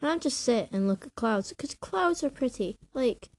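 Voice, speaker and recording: A woman's voice: high-pitched, lively intonation, moderate pace, a little mellow. A young woman rambling in a casual vlog, hyper and scattered, full of fillers and restarts, a little out of breath, sitting on her bed. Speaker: vlogger. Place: bedroom, sitting on a creaky bed. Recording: noisy home recording.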